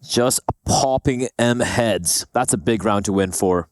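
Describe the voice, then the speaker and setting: A man giving analysis in a live esports broadcast, lively and given to playful banter. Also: fairly low pitch, slow pace, no room sound. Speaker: esports color commentator.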